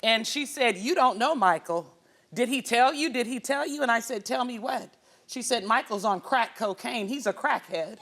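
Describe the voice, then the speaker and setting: A woman's voice: on the high side, moderate pace. A middle-aged woman, a talk show guest, telling her own story with feeling and acting out the people in it. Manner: animated storyteller who acts out her quarrels.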